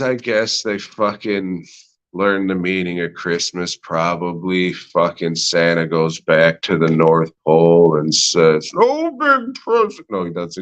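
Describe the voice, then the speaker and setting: Podcast guy, low voice, drawls slow, swears a ton, sarcastic rambling reviews. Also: a bit bright, highs cut off. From United States. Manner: profane, rambling, sarcastic, laughs at himself. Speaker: podcast host. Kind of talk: solo movie review rant.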